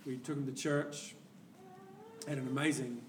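A man's voice: mid-range voice, normal speed, slight background noise. Man preaching. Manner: animated storyteller, laughs often, acts out quoted voices. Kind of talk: sermon storytelling. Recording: echoey hall, heard from a distance.

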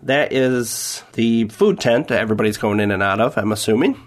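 A man's voice: mid-range voice, a little fast. A man playing a tabletop game, joking casually with the table. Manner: jokey, playful. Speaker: player.

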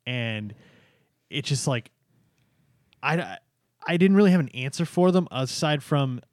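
A man with a Boston accent co-hosts a casual podcast and keeps the chat jokey and enthusiastic. His voice sits at an ordinary pitch and is recorded close and dry, with no room echo. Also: lively intonation, measured pace, long pauses. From Boston area. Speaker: podcast co-host.

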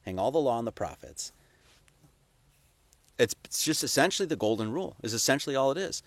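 A man's voice: mid-range voice, sing-song, fairly quick, dry recording. A man giving a casual, conversational sermon, full of rhetorical questions and profane asides. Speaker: preacher.

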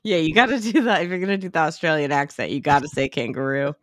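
This young woman speaks fast in a low-sitting voice as she co-hosts a podcast, chatting casually, cursing freely and laughing a lot. The sound is clean studio audio with no echo.

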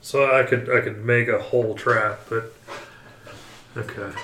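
A man's voice: mid-range voice, fairly even intonation, measured pace, pushed and bright. A man playing a tabletop game, talking casually and thinking aloud. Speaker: player. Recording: echoey room with faint noise.

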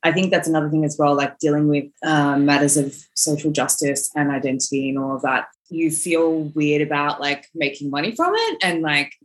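A woman's voice: low-pitched, fairly quick, hardly any pauses. A woman in her thirties, a podcast guest, talking casually in a rambling way with lots of "like". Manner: rambling, frequent "like", restarts. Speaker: guest, exhibition organiser. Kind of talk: casual chat.

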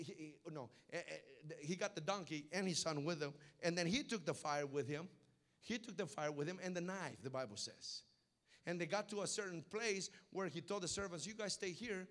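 High-voiced preacher telling a story. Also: male voice. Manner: storytelling, building to loud emphatic preaching. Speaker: pastor. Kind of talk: sermon.

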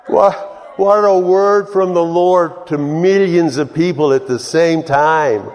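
A pastor preaching a sermon in a folksy, storytelling way, chuckling and breaking into loud exclamations. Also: male voice, fairly high pitch, animated, unhurried. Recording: long hall reverb.

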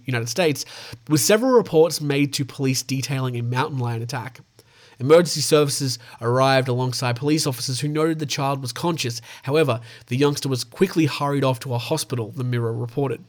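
Australian man reading wild animal news. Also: mid-range voice. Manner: stumbles over names, swears in asides. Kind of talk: casual news read-through with asides.

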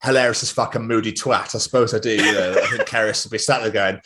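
A man's voice: on the low side, fairly even intonation, fast, background noise. A man from England chatting casually on a podcast, sweary and jokey, often breaking into laughter. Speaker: podcast co-host. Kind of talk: casual chat. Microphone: wireless headphones.

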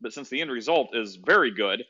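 A man talks quickly in a bright, forward voice, firing off curious questions and loose jokes in casual chat. His audio sounds dull and a bit lo-fi. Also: medium pitch, expressive, husky. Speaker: podcast co-host.

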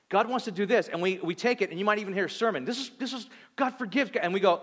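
A man in his thirties preaching a sermon, animated, acting out voices and swinging between loud and soft. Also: sits high, fast talker, hardly any pauses. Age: 30s. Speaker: pastor. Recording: long hall reverb.

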